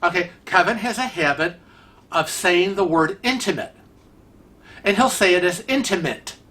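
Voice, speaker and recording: A man hosts his vlog with a touch of a Rochester, New York accent. His voice is bright and forward, and he rambles from point to point in a chatty, teasing way. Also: sits high, normal speed. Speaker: vlog host. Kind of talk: casual vlog commentary.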